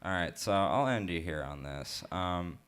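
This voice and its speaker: A man from Utah performing a stand-up comedy set at an open mic, telling jokes in a halting way with lots of fillers. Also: low-pitched, lively intonation, fairly bright tone, clean tone. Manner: halting, filler-heavy joke delivery. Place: live open mic stage.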